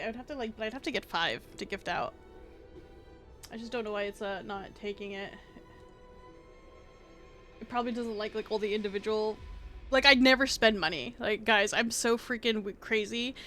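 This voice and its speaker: A young woman streaming live, chatting casually and excitably to her chat, rambling and laughing at herself. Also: medium pitch. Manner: excitable, rambling, self-deprecating, laughs often. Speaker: VTuber streamer.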